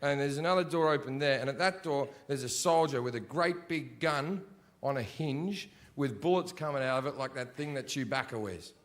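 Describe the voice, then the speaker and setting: A middle-aged man doing stand-up comedy on a stage, telling brash, profane stories and jumping to shouted punchlines, through a handheld mic. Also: mid-range voice, normal speed. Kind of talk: stand-up storytelling. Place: comedy stage before a laughing audience. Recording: live show audio with loud audience laughter.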